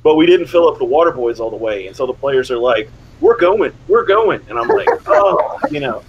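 A middle-aged man hosting an interview, a former player himself, telling stories with animated, high-voiced quotes. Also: fast, muffled recording, heavy background noise. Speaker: podcast host, former player. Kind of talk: casual interview.

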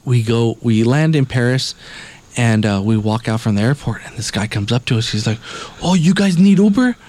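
A man's voice: medium pitch, fairly even intonation, moderate pace, darkish tone. Swearing man telling a rambling story. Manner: rambling, heavy swearing, acts out quotes. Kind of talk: casual storytelling, podcast chat.

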